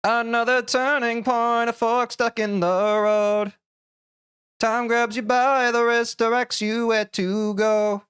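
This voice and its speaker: A man voicing a grandiose, theatrical narrator with a slow, solemn delivery. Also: very high-pitched, flat delivery, a bit bright, clear, resonant tone, voice pushed up, exaggerated voice. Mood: portentous. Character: grandiose male epic-trailer narrator.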